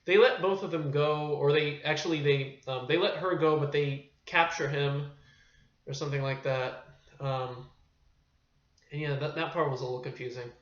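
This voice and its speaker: A man's voice: a little high, fairly even intonation, moderate pace. A man reviewing a film in a casual, rambling monologue, often losing his thread. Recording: echoey room, dull lo-fi sound.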